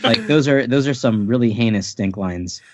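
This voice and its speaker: A man's voice: medium pitch, moderate pace, crowd noise. A man hosting a podcast, recapping a manga chapter in a playful, rambling chat with lots of restarts. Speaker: podcast host. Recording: dry, dull lo-fi podcast audio.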